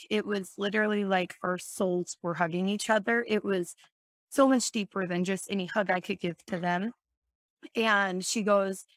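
A woman's voice: mid-range voice, a bit bright, no echo. Earnest woman retelling a vivid dream. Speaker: guest. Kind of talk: emotional personal storytelling.

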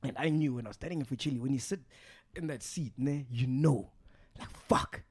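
A man hosting a podcast, telling stories in a loose, swearing, animated way. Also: mid-range voice, a little fast, breathy edge, no echo. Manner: animated, swears freely, acts out voices. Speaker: podcast host. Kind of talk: casual storytelling chat.

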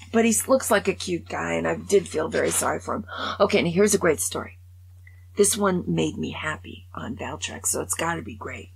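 A woman over 65, vlogging in a chatty, animated way as she comments on stories, and often drops to a whisper. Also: on the low side. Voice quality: gravelly and raspy. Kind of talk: casual monologue commenting on news stories.

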